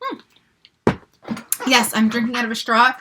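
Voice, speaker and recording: A woman in her forties hosting an unboxing vlog, excitable, gasping and squealing as she talks. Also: fairly high pitch, a little slow, noisy background. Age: 40s. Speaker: vlogger.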